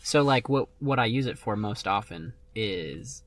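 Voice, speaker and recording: A man's voice: lowish voice, lively intonation, measured pace, fairly bright tone. A man co-hosting a casual tech podcast who asks questions and reacts with short replies. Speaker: podcast co-host.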